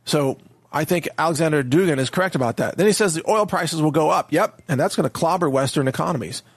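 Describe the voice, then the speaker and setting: A man's voice: a little high, fast talker, husky, no echo. A man giving a casual, opinionated monologue on world affairs, mocking how others pronounce place names. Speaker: political commentator.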